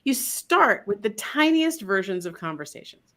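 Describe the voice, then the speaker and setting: A woman dog trainer, a guest on an interview, explaining her method in a casual, animated way and slipping into voices for dogs. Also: medium pitch, normal speed.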